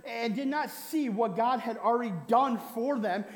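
A male pastor delivering a sermon in an animated, conversational way, peppering it with "right?" asides and mock quotes. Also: very high voice, moderate pace. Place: church hall. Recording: roomy hall with long reverb.

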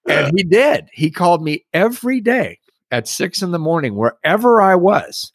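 A middle-aged man, a podcast guest, earnestly telling a personal recovery story with reflective pauses and soft laughs. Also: fairly high pitch, expressive, husky, dry recording, clean studio sound.

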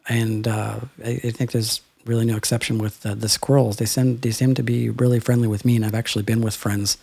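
A man's voice: mid-range voice, flat delivery, a little fast, vocal fry, dark tone, breathy edge, no echo. A man co-hosting a casual chat, rambling through stories with lots of fillers. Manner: rambling, storytelling with filler words.

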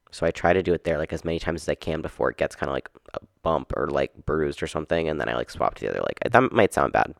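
A young man chats alone into a microphone on his couch for his podcast. His voice sits very low with a gravelly edge, and the sound is dry and close. He rambles, swears freely and gets worked up easily. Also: no echo. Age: young adult. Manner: rambling, swearing, quickly exasperated. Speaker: podcast host. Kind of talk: casual solo podcast chat. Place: at home on a couch.

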